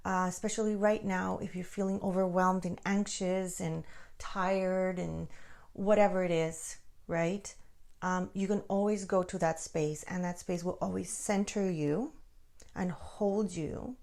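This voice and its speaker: A woman giving a spiritual guidance talk, checking in with viewers and dropping into soft near-whispers. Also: medium pitch, creaky. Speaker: spiritual teacher.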